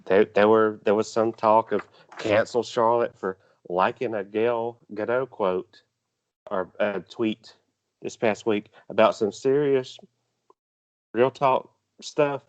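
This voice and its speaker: A man co-hosting a casual podcast, easygoing and halting, often agreeing with his partner. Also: on the low side, highs cut off. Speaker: podcast co-host. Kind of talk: casual chat.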